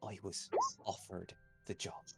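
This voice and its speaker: A man playing a tabletop role-playing game, arguing in character in a blunt, profane and forceful way. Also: deep voice, little pitch movement, unhurried, vocal fry, slightly rough, soft background music.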